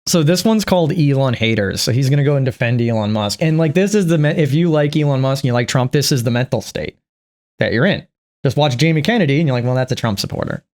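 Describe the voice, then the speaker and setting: Guy doing a reaction vid, sarcastic, cusses a ton, normal pitch. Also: animated, fast talker, a little mellow. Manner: sarcastic, swears a lot. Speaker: reaction video host. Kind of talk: casual commentary.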